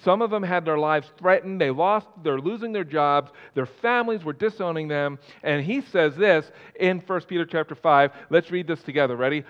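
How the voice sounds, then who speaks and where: A man preaching with passion, his voice rising to loud emphatic lines and dropping to quiet ones. His tone is smooth and resonant, a little higher than most men's. The sound is dull and carries a long hall reverb. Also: moderate pace, few pauses. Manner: impassioned preaching, swings between loud and soft. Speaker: pastor. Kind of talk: sermon. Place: church sanctuary.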